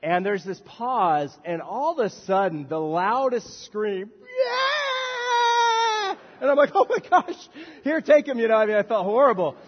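A man's voice: moderate pace, few pauses, breathy edge, muffled recording. Impassioned male minister in echoey hall. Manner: swings from soft to shouting with lively pitch. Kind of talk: sermon. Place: church sanctuary.

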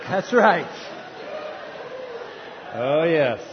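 A man in his thirties preaching a sermon in a church, telling a story with hushed asides that rise to near-shouts. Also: a little high, big pitch swings, drawn-out words, a faint crowd. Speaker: pastor. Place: church sanctuary. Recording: dull sound in a reverberant hall, faint noise.

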